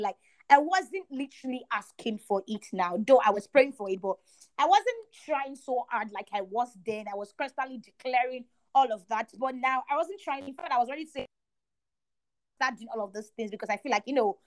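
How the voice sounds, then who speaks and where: A young woman with a high, bright voice tells a personal faith story on a podcast. She is animated and emphatic and leans on repetition to drive her points home. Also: normal speed. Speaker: podcast co-host. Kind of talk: faith testimony chat.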